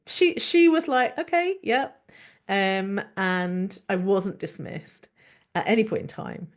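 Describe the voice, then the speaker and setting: A woman doctor hosting a podcast, speaking in a candid, reflective monologue, frank and expressive and thinking aloud with many restarts. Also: medium pitch, slow pace. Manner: frank and expressive, with laughs and the odd swear.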